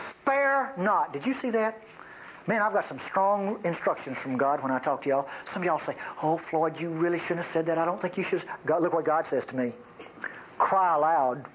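Preacher guy bantering thru a sermon, voice all over the place, muffled lo-fi recording. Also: high-pitched. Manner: folksy, bantering, preaching to the congregation. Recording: dull lo-fi recording, faint noise.

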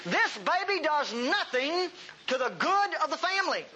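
A man's voice: very high-pitched, very animated, normal speed, pushed and bright, a little hiss or hum, low-quality recording. A male pastor preaching a sermon in a folksy, humorous and emphatic way.

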